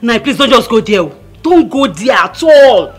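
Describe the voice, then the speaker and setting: A woman's voice: a little high, very animated, a little slow, slightly rough, faint music behind, full character voice. A woman with a Nigerian accent, playing a blunt creditor who scolds a man for her money. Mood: scolding. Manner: scolding, bossy. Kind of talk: Nollywood film acting.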